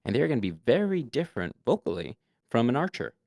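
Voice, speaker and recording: A man's voice: mid-range voice, fast talker, creaky, dry recording. A man and game master, a guest giving casual tabletop roleplay advice and showing voices as he goes. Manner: animated, demonstrates voices.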